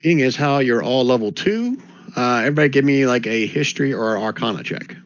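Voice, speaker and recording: A man's voice: medium pitch, expressive, fairly quick, dry recording. A man running a tabletop game as game master, chatty and thinking aloud as he checks his notes. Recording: dull lo-fi dry mic.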